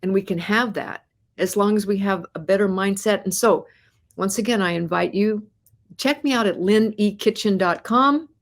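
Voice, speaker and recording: An encouraging woman hosts a live money podcast in a medium-pitched voice. She speaks straight to her viewers and asks them question after question. She often repeats words and restarts her phrases as she goes. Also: normal speed. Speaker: host.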